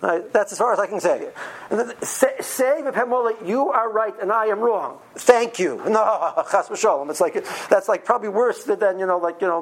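A man teaching yeshiva students in an informal, animated Torah lecture, often stumbling and restarting his words. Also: sits high, rough recording. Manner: animated, stammering restarts, uses Yiddish and Hebrew study terms.

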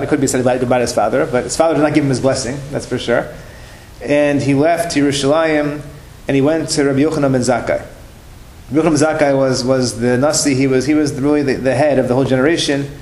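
A man's voice: medium pitch, steady tone, fast talker, a little mellow. A man telling religious stories in a class, in a conversational way that repeats and restarts phrases. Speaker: religious teacher. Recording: roomy room with faint noise.

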